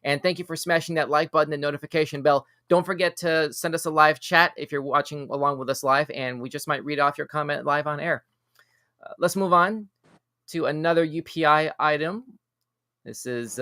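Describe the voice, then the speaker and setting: A slightly higher-pitched man hosts a live weird-news reaction show, reading items aloud and cutting in with jokes, sometimes stumbling over his own words. His voice sits dry and close, with almost no room sound behind it. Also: no room sound. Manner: reads items aloud, then reacts with quick jokes and asides; stumbles and repeats words when excited. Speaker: show host.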